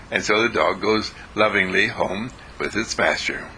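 A man giving a short daily inspirational talk as a university dean, telling a story, often chuckling and clearing his throat. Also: lowish voice, moderate pace, sharp tone, a little hiss or hum, low-quality recording.

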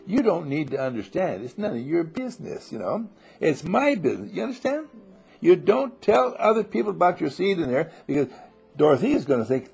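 Husky, gravelly man giving a playful spiritual talk. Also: medium pitch, sing-song, a little fast, a little mellow, highs cut off, faint music behind. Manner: playful storytelling, acts out little voices. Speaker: spiritual teacher. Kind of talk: inspirational talk to a small group.

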